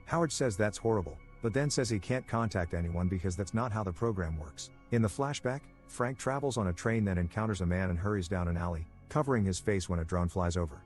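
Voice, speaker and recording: Wry low-voiced male recap narrator. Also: a little fast, few pauses, a little mellow, soft background music. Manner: dry, wry asides. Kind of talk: scripted movie recap narration.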